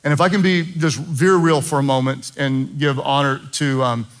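A man's voice: medium pitch, fairly even intonation, normal speed. A middle-aged man preaching a sermon as pastor, emphatic and impassioned, with jokey asides.

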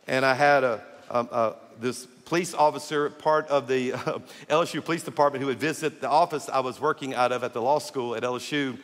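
A man preaching a sermon as pastor, telling stories animatedly and acting out the dialogue. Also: medium pitch. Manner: animated storyteller who acts out dialogue. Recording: long reverb of a large hall.

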